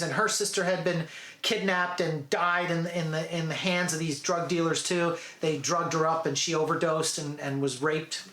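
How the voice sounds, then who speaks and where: A man giving a casual, animated movie recap, chatty and full of "dude" and "okay". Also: sits high, roomy sound. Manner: animated storytelling, acts out quotes. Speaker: movie reviewer.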